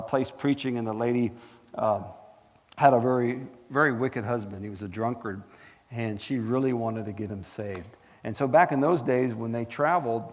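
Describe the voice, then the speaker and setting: Animated man preaching in a church hall. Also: medium pitch. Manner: animated, asks the congregation questions. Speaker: pastor. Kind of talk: sermon.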